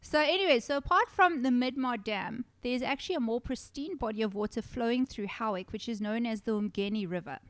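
A woman's voice: fairly high pitch, brisk, few pauses, no room sound. A woman from South Africa hosting a podcast, chatting casually and telling a story with lots of laughter. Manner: giggly, animated storyteller. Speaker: podcast host. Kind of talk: casual chat.

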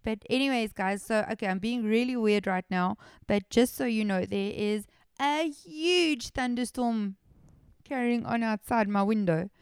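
A South African woman hosting a horror podcast, chatting excitably and often interrupting herself. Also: on the high side, measured pace, smooth, no echo, studio quality. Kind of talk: casual podcast chat.

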